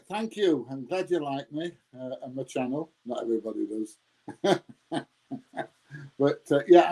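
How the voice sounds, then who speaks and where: A man in his sixties with a mid-range, dark-toned voice rambles casually while answering his viewers' live chat, heard on a rough recording. Chatty and quick to laugh, he keeps calling them "mate."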